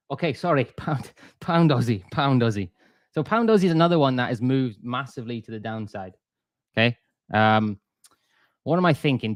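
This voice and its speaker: A man chatting through a live trading stream in a mid-pitched voice. He rambles and restarts, mocks his own past mistakes and talks straight to viewers. The sound is dry and close. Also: dry recording. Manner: chatty, self-deprecating, lots of restarts. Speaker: forex trader streamer.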